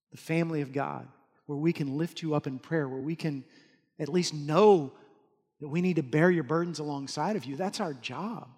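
Man, pastor, earnest sermon, loud then hushed, reverberant church hall. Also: a little high. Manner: earnest, swings between loud urging and soft hushed lines.

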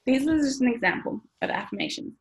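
A woman's voice: high voice, lively intonation, quick pace, rough recording. A woman in her thirties, talking casually to camera as a money mindset coach, chatty, laughing often and swearing now and then.

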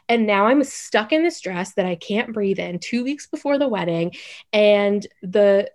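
Young woman, casual animated storyteller, heavy on filler words. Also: medium pitch, normal speed. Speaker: guest telling a story.

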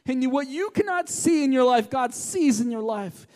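A man's voice: very high-pitched, lively intonation, moderate pace, a little mellow. A middle-aged man preaching a sermon in church, passionate and emphatic, repeating key lines for weight. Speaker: pastor.

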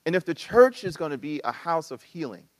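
A man preaching a sermon as pastor, talking with a casual, animated style full of asides and acted-out quotes. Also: fairly high pitch, brisk, no room sound.

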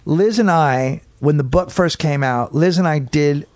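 A man's voice: a little high, measured pace, no room sound, studio quality. A middle-aged male comedian telling a long, profane story in casual chat, acting out bits of it. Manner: profane, animated, acts out bits. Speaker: comedian guest. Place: home studio man cave. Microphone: podcast mic.

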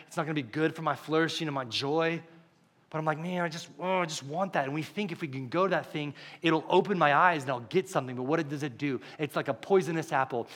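A young man preaching a conversational, animated sermon full of stories. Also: fairly high pitch. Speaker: pastor.

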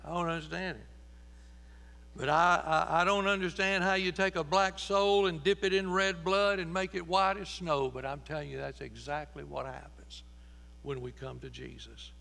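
A man's voice: on the high side, little pitch movement, normal speed, gravelly, bright, forceful tone. A man preaching a sermon in a church, telling the story with passion and repeating his phrases as he builds. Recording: echoey hall with mains hum.

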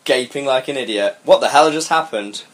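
A man's voice: medium pitch, normal speed. A young man co-hosting a podcast, reading fan fiction aloud with sarcastic, laughing, swearing asides. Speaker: podcast co-host.

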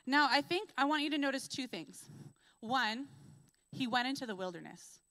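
A young adult woman giving a church sermon, telling stories in a lively way and acting out what people say. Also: sits high, moderate pace, dry recording. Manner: lively storytelling, acts out quotes. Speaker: preacher.

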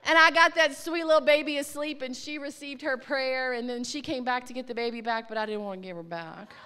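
A woman sharing a ministry testimony in an excitable way, swinging from hushed tones to shouts. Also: high voice, fairly quick, clean tone, long reverb tail. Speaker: ministry speaker. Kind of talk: animated testimony storytelling.

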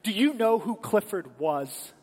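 A man's voice: high voice, expressive, unhurried, darkish tone, husky, big-room sound, heavily acted. A man voicing a stern, furious mother scolding her young son, with clipped, emphatic lines.

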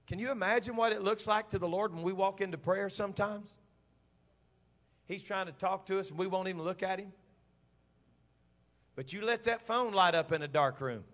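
A man's voice: high voice, fairly bright tone. A middle-aged man preaching a sermon as pastor, in a folksy, plain-spoken way full of repetition.

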